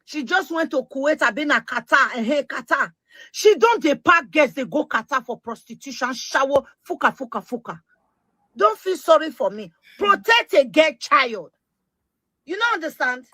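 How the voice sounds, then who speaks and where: Here a middle-aged woman, her accent Nigerian Pidgin English, passionately lectures her social media followers, emphatic and repetitive in her insistence. She has a high, expressive voice at a normal speed, captured in a dry recording.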